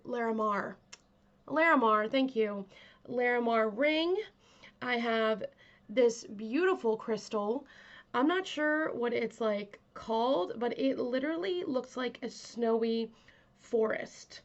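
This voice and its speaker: A woman with a stuffy nose hosting her own channel, chatting casually to camera in a soft, rambling way full of fillers. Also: a little high, takes it slowly, lo-fi sound. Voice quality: aims to sound calming and kind. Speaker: vlog host.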